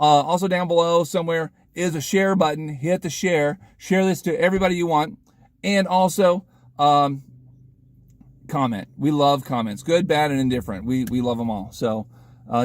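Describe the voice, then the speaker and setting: A man casually telling a funny anecdote in a vlog, lively and chatty, laughing at his own story. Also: a little high, no room sound, studio quality.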